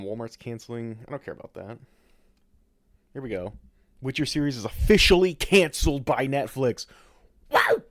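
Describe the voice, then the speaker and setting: A man's voice: lowish voice, gravelly. A young man hosting a podcast in a casual, rambling way, swearing and mocking himself often. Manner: rambling, self-mocking, swears and laughs a lot. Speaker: podcast host.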